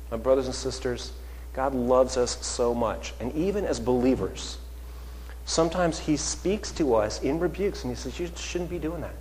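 Guy preaching a sermon in a big echoey church, chatty, lots of questions at the crowd, goes loud then soft. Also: mid-range voice, a little hiss or hum. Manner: conversational preaching with rhetorical questions and swings in loudness. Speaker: pastor. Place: church sanctuary. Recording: long reverb of a large hall.

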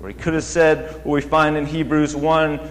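A man preaching a sermon as a guest speaker, measured and deliberate, slowing down to dwell on scripture quotes and rising in pitch as he builds emphasis. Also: little pitch movement. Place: church sanctuary. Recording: long church reverb.

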